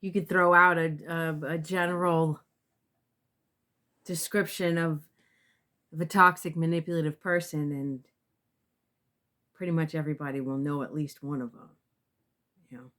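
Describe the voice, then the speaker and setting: A woman, a tarot reader, talking casually to camera in a halting way with many fillers and restarts, sounding emotional and close to tears. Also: sits low, level tone, fairly bright tone.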